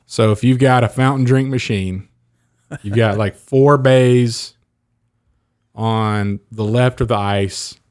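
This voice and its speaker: A man, co-hosting a podcast in casual chat and telling animated stories. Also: mid-range voice, slow, long pauses, smooth, dry recording, studio quality. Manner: animated storyteller, laughs a lot. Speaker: podcast co-host.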